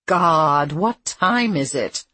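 A woman's voice: low voice, animated, extremely slow, pushed and bright, husky, no echo, heavily acted. A woman narrator voicing a sardonic, languid young woman who speaks in a dry, bored, sarcastic way.

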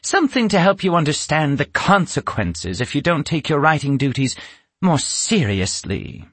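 A man putting on a shrill, cruel witch. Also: big pitch swings, normal speed, a bit bright, breathy edge, dry recording, heavily acted. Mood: menacing. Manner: snapping, menacing, bursts into screams. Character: cruel, spiteful female witch who keeps children. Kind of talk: storybook reading.

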